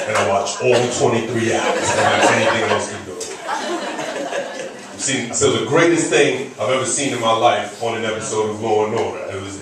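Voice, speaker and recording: A man doing a stand-up comedy set on a club stage, an animated storyteller with punchy asides, using a handheld mic. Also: lowish voice. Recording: echoey club room, distant mic, loud crowd.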